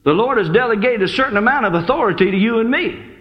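Fervent male preacher, very high voice, exhorting a congregation; dull lo-fi service recording. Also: lively intonation, fast. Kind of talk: sermon. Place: church service.

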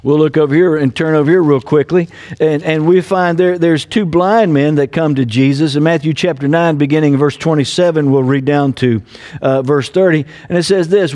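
A man's voice: on the high side, darkish tone. A man preaching a sermon as pastor, earnest, with repeated phrases and fillers. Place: home.

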